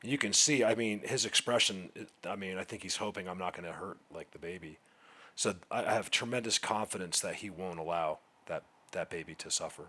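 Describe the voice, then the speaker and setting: A man with a somewhat low voice gives voice-over commentary. He sounds reflective and earnest, and he hesitates as he talks. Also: brisk, pushed and bright, husky. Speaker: vlogger.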